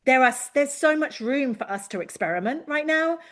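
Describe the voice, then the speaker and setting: A woman giving an expert presentation on a video call, lively and given to acting out quoted voices. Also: moderate pace. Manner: lively, acts out quoted voices with big pitch jumps. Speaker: invited expert speaker. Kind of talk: online presentation to a learning session.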